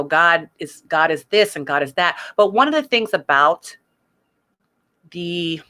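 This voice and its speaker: Woman, ministry podcast host; bright, lowish voice; candid, emotional, chatty delivery. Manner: emotional, conversational, reads song lyrics aloud, fillers like "like". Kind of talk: candid personal faith talk.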